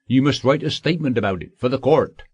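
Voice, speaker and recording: A man's voice: medium pitch, expressive, quick pace, a little mellow, breathy edge, no room sound, dull audio. Male narrator as an angry, insistent father; plain mid voice, dry audiobook sound. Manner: blunt, insistent. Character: angry, stubborn man, a desperate father.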